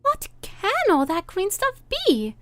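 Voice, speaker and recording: A woman voicing a truthful little girl in a storybook reading, with a high, piping and indignant voice. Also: wildly swooping pitch, slow, fairly bright tone, no echo, soft background music, heavily acted. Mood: earnest. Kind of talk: storybook reading for a live stream.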